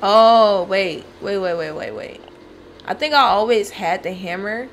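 A woman with a mid-range voice streams gameplay at an unhurried pace, chatting casually over a faint hiss or hum. She's jumpy, swearing and yelping whenever something startles her.

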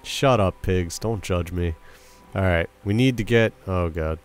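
A man's voice: low-pitched, a little slow, clear, resonant tone. A young man giving casual gameplay commentary, chatting with game characters and breaking into yelps and silly sound effects. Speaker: let's play commentator.

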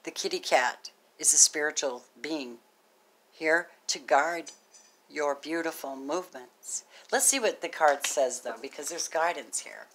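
A woman giving a casual tarot reading to camera, gushing and excitable, swinging from loud exclamations to hushed murmurs. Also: deep voice, unhurried, slight background noise. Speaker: tarot reader.

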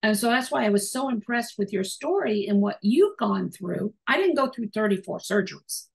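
A woman podcast host with a husky, gravelly voice talks in a rambling, reflective way, full of fillers. Her pitch sits in the middle range. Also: expressive, moderate pace, rough recording. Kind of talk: conversational interview. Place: podcast studio.

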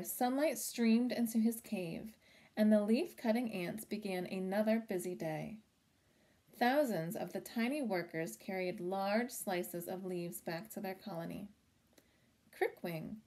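Gentle woman reading a picture book. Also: mid-range voice. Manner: gentle, stops to chat about the pictures. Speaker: storybook reader for children. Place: home.

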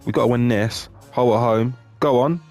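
A man commentating on his own football game, swearing a lot and swinging between glum muttering and excited shouting. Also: mid-range voice, normal speed, soft background music. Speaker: gaming YouTuber.

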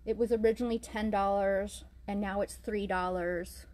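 A woman's voice: medium pitch, fairly even intonation, normal speed, a little mellow. A woman shop owner chatting through a live shopping sale in a vintage store, announcing item numbers and prices while she is losing her voice. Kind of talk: live shopping sales pitch.

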